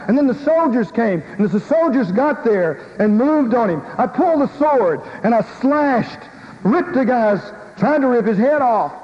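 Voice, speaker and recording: A man preaching a first-person dramatic sermon, telling the story with vivid emotion. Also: high voice. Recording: dull recording in a reverberant hall with faint hiss.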